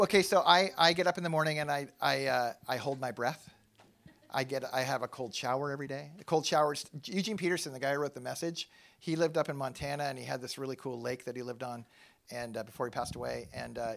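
A middle-aged male pastor talks casually and animatedly to his congregation, with a gravelly edge in his voice. He mocks himself and restarts his sentences as he thinks aloud, pitched in an ordinary male range. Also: quick pace, a bit bright. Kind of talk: casual sermon talk.

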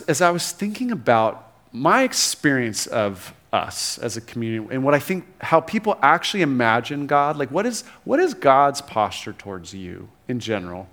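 A man preaching a sermon in a conversational way, quoting scripture with animated emphasis and frequent restarts. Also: mid-range voice. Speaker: pastor.

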